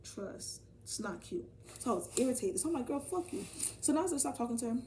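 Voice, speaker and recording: A young woman telling a casual storytime vlog, animated and profane, talking straight to her viewers. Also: a little high, fast talker, far from the mic. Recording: voice from off the mic, faint ambient noise.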